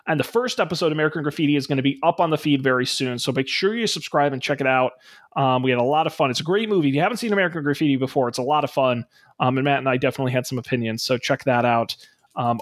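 A man hosting a casual podcast, chatty and upbeat, with frequent ums and uhs as he plugs the show. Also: mid-range voice. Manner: upbeat and enthusiastic when plugging the show. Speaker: podcast host.

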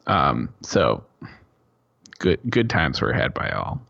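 A man's voice: very deep voice, big pitch swings, slow, creaky, fairly bright tone, lo-fi sound. A male podcast co-host in casual chat, hesitant and full of fillers as he asks questions.

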